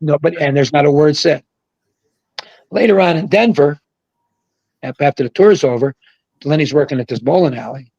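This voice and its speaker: An older man spins rambling, animated stories as a guest on a video call, raising his voice whenever he quotes someone. His voice is gravelly and husky, a little high for a man, and sounds dry and close. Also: moderate pace, pauses often, dry recording, lo-fi sound. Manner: rambling, animated storyteller who shouts out quoted lines. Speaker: guest, former pro bowler. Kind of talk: casual storytelling on a livestream. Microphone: video call mic.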